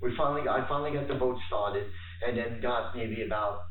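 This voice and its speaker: A man being interviewed by police, talking haltingly with many fillers. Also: medium pitch, fairly bright tone. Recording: echoey room, distant mic, faint noise.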